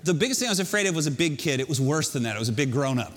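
Male pastor, high voice, animated storyteller, reverberant hall. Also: very fast, noisy background. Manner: storytelling, animated, self-mocking. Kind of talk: sermon.

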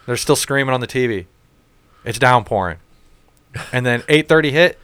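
In casual chat, a storyteller recounts events with lots of profanity, animatedly voicing what others said. His voice is medium-pitched, smooth and moderately paced, recorded without echo.

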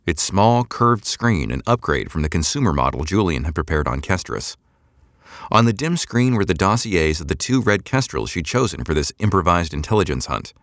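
Deep-voiced, expressive male narrator. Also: no echo, studio quality. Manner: measured, expressive storytelling. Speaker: audiobook narrator. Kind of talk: scripted audiobook narration.

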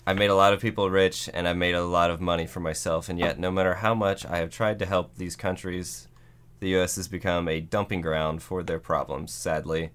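A man's voice: low-pitched, steady tone, a little fast, a bit bright, clear, resonant tone. A man putting on a boastful politician's voice while reading from a book. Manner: blustering, boastful reading aloud.

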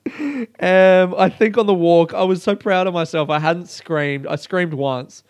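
Man, casual storytelling, slightly high voice, smooth and clear, dry close sound, animated and sweary. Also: moderate pace, no room sound. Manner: animated and profane, with frequent laughter. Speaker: solo storyteller.

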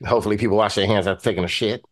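A man's voice: lowish voice, steady tone, rapid-fire, no echo. A man on a podcast making blunt wisecracks. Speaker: podcast co-host. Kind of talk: casual chat.

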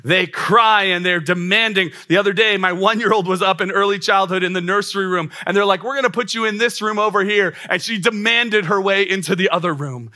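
A man's voice: sits high, a little fast, hardly any pauses, bright, forceful tone. A man in his thirties preaching a sermon as a pastor, emphatic and repetitive, with rising exclamations. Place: church auditorium.

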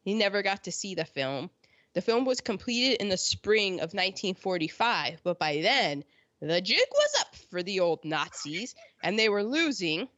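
A woman's voice: mid-range voice, sing-song, normal speed, a bit bright, no echo. An American woman hosting a casual history chat, sarcastic, often mocking people in quoted voices. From United States. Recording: dull lo-fi sound.

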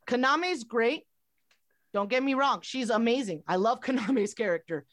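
A woman's voice: on the high side, lively intonation, moderate pace, dry recording, clean studio sound. A woman co-hosting a casual podcast, arguing passionately and repeating herself for emphasis. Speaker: podcast co-host. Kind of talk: casual chat.

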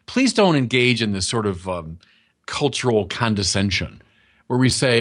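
A man's voice: mid-range voice, sing-song, measured pace, fairly bright tone. A man preaching a sermon in a conversational, emphatic teaching manner, often speaking straight to his listeners.

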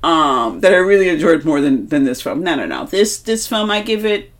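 A woman's voice: low-pitched, a little fast. A young woman co-hosting a horror movie podcast, talking emphatically and swearing a lot in casual chat. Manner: animated, heavy swearing, emphatic. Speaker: podcast co-host.

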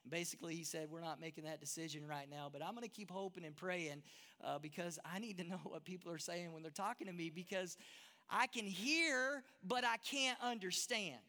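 A Texan pastor delivers a casual, self-deprecating sermon, often restarting words as he goes. His voice sits high and bright. A long reverb trails it through a large church hall. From Texas.

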